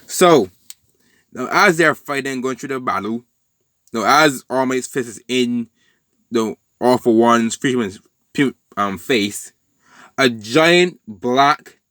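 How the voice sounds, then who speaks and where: A man casually retelling a fan story out loud, rambling and often correcting himself mid-sentence. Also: mid-range voice, no room sound, clean studio sound. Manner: rambling, with many restarts and self-corrections.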